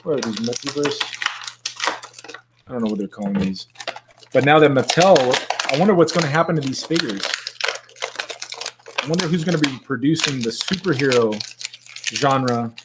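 A man's voice: medium pitch, animated, normal speed, long pauses, heavy background noise. A man chatting casually on a live stream at his desk at home, joking and greeting viewers in the chat. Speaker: toy collector hosting a live stream.

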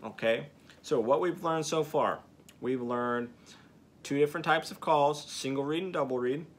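A man's voice: a little high, moderate pace, background noise. A man teaching beginners to use a duck call, coaching step by step with frequent "okay" check-ins. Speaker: duck calling instructor. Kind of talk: hands-on teaching demonstration.

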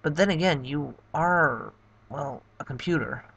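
A man's voice: a little high, unhurried, creaky, fairly bright tone, slightly rough, dry recording, exaggerated voice. A man voicing a puzzled young princess, Princess Peach. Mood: bemused. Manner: bemused, questioning. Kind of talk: voicing game dialogue in a playthrough.

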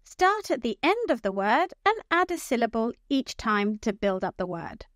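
A woman teaching medical English pronunciation, speaking slowly and enunciating each term clearly. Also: a little high, very animated, fairly bright tone, no echo, clean studio sound. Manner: slow, clearly enunciated, instructive. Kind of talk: pronunciation lesson.

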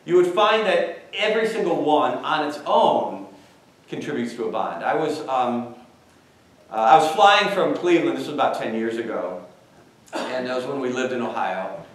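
A man giving a university talk, telling an anecdote with animated delivery and questions tossed to the audience. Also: medium pitch. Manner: animated storytelling, quizzes the audience. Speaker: guest speaker. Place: large lecture hall. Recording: echoey hall, far from mic.

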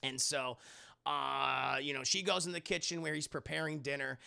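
A man's voice: fairly high pitch, flat delivery, moderate pace, gravelly, bright, forceful tone. A man recapping a TV episode on a live stream, chatting profanely and animatedly with his viewers.

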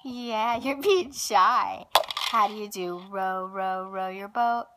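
A woman speaks in an unhurried, drawn-out way, coaxing a toddler with sing-song baby talk. Her prompts are slow and patient, with a gentle, encouraging lilt, as in a home video with a small child. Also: mid-range voice, heavy background noise.

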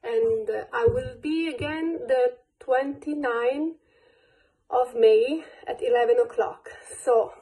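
High-voiced woman calling ballet counts. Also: slow pace, warm tone. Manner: calls steps rhythmically with sing-song counts. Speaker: ballet teacher. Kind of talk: counting and calling ballet steps in a live online class. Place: dance studio. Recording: echoey studio, far from the mic.

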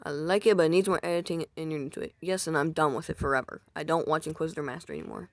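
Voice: medium pitch, fairly even intonation, rapid-fire, no room sound, studio quality. A YouTuber casually reading viewer comments aloud, rambling and poking fun at their own old videos. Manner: self-deprecating, rambling, reacts aloud.

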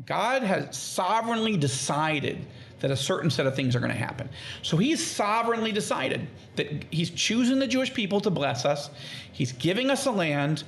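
A man's voice: high voice, fairly quick. A man as a podcast guest, teaching on the Bible in conversation and acting out quoted speech with animation. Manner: animated, acts out quoted speech in lively tones.

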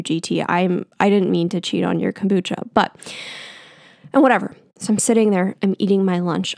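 A young woman hosts a podcast and chats her way through a story, pitching her voice up whenever she plays the other people in it. Her voice sits at a medium height. The room is dead, with the mic close to her mouth. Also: creaky, warm tone, dry recording. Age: 20s. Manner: chatty, rambling, quotes people in a raised voice. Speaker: podcast host. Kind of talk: casual storytelling.

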